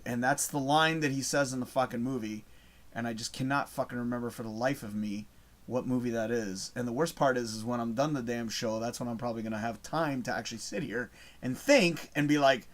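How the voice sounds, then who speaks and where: A man's voice: mid-range voice, a little fast. A man hosting a live show, reading out chat messages in a casual, rambling way, swearing often and losing his train of thought.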